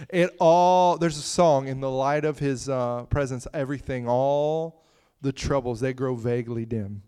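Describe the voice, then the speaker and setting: A man's voice: medium pitch, steady tone, unhurried, a little mellow, clean tone. A man preaching a conversational sermon, chatting with the congregation and breaking into fits of laughter.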